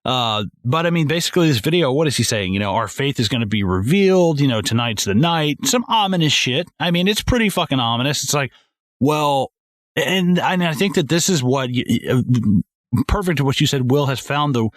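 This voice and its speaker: A man's voice: on the high side, lively intonation, fairly quick, fairly bright tone, no room sound. A man rambling in a casual movie-discussion podcast, swearing freely and often restarting his sentences. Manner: rambling, profane, many restarts. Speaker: podcast host.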